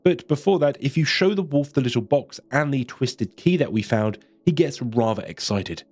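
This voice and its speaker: A man's voice: medium pitch, animated, moderate pace, a little mellow. A man, commenting casually and profanely on a horror game's story as a video host. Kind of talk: game lore commentary.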